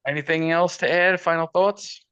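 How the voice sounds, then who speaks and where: A man's voice: on the high side, steady tone, moderate pace, fairly bright tone, clear, resonant tone, dry recording, highs cut off. A man hosting a casual sports betting podcast, bantering and joking crudely with his co-host.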